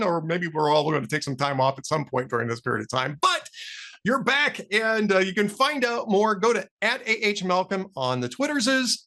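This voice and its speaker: A man's voice: sits high, big pitch swings, normal speed, pushed and bright. A man hosting a political talk podcast, chatting casually and telling a joke with a few fillers. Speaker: podcast host. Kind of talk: casual chat.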